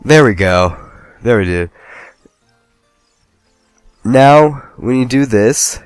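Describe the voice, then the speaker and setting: A man's voice: medium pitch, lively intonation, takes it slowly, no echo, clean studio sound, faint music behind. A man casually commenting on a game as he plays, rambling and joking at himself. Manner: rambling, joking, self-deprecating. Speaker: let's play host.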